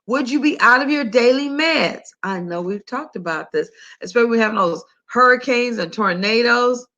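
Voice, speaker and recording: Older woman host, bright voice, slightly high, chatty and animated storyteller. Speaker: health talk host. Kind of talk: casual monologue to listeners.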